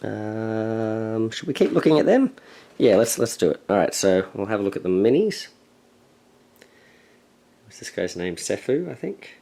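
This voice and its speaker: A man hosting a board game channel, casually unboxing and thinking aloud with relaxed, hesitant fillers. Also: fairly low pitch, unhurried, vocal fry, pauses often, poor audio. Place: at a table, handling game pieces.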